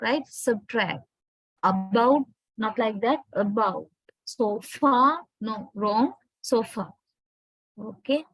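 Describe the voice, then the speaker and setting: A woman's voice: on the high side, no echo, rough recording. A woman from Sri Lanka with a Sri Lankan English accent, giving an English pronunciation lecture and often checking in with "right?". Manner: slow, deliberate, checks with "right?". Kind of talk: online lecture.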